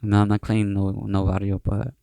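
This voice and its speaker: A man's voice: fairly low pitch, monotone, fairly quick, warm tone, dry recording. A young man from Southern California hosting a podcast, chatting casually and rambling with lots of slang, fillers and restarts. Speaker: podcast host. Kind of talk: casual chat.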